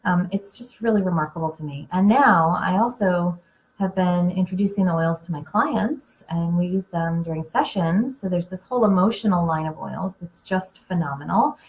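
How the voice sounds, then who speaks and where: A woman hosts a casual live class in a lowish voice. She chats easily and gets animated when she tells stories. The sound is dull and lo-fi, like a home live stream. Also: normal speed. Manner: chatty storyteller, animated when telling anecdotes. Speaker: essential oils class host and Reiki practitioner.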